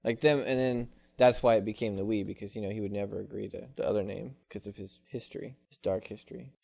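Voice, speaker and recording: A man's voice: fairly low pitch, fairly even intonation, quick pace, gravelly, darkish tone, slightly rough, dry recording. A man co-hosting a casual comedy podcast who laughs often while bouncing ideas around. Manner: laughs often, acts out comic characters in quotes. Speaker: podcast co-host.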